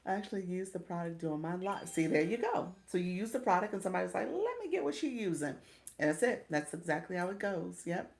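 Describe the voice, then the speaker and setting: A woman's voice: fairly low pitch, quick pace, gravelly, few pauses. A woman livestream coach chatting casually with her viewers, reading the chat aloud and laughing often.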